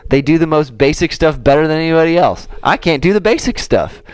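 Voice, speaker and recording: A man co-hosting a casual podcast, telling a story with animated swings as he acts out his own frustration. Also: fairly high pitch, a little fast, smooth. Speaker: golf coach and podcast co-host.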